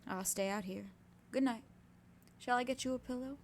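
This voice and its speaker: A woman reading the lines of an attentive young man from a classic novel, lightly teasing, with a gravelly voice. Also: on the high side, normal speed, a little hiss or hum, voice pushed up, lightly acted.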